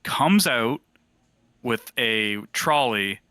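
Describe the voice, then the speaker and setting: A man in his thirties casually telling a lively story and acting out the quoted voices. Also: mid-range voice, extremely slow, dry recording. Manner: animated, acts out quoted voices. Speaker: team member sharing a memory.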